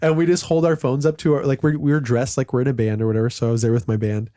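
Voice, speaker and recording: A man's voice: mid-range voice, steady tone, rapid-fire, mellow, dry recording, clean studio sound. A man in his late thirties, a podcast co-host, telling long rambling stories in casual chat, full of fillers and swearing. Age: late 30s.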